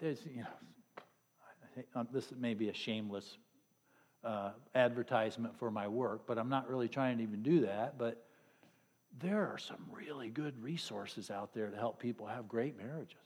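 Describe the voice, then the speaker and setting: A man's voice: mid-range voice, normal speed, a little mellow, breathy edge. Middle-aged male preacher, chatty and sarcastic, live in a hall with long echo. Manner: conversational, joking, sarcastic asides to the congregation. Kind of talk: sermon.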